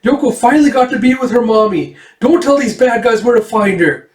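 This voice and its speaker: A woman's voice: a little high, lively intonation, fairly quick, darkish tone, pitched above the performer's own voice, close to an everyday voice. A man voicing a stubborn, defiant little girl as he reads a comic aloud. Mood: upset. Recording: roomy, distant mic.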